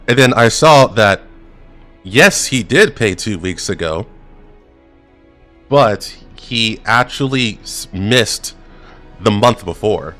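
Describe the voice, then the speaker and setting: A man's voice: lowish voice, fairly bright tone. A gaming streamer casually telling a work anecdote, laid-back and chuckling as he goes.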